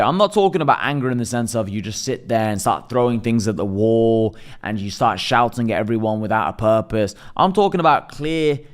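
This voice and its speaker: A man delivering a blunt, profanity-laced motivational monologue, acting out quick imagined voices along the way. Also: mid-range voice. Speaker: self-improvement vlogger.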